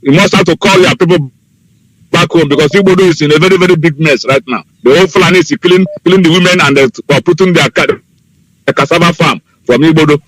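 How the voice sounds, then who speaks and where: A man's voice: fairly high pitch, fast, a bit bright. A man calling into a radio show, pleading fervently and repeating his appeals over a phone line. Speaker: caller. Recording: dry phone call.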